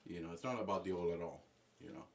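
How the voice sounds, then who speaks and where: A man's voice: low voice, quick pace, a little mellow. A man ranting casually on a livestream as political commentator, profane and rambling, constantly saying guys and bro.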